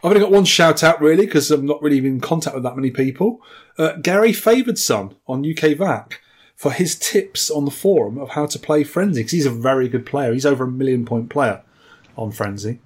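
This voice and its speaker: Husky, dry-humoured man. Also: medium pitch, expressive, fairly quick. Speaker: podcast co-host. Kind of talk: casual chat.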